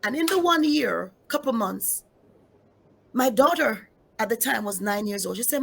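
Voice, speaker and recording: A woman's voice: a little high, expressive, moderate pace, gravelly, a little hiss or hum. A middle-aged woman pastor telling her personal testimony in an interview, emphatic, repeating key phrases and speaking straight to her listeners.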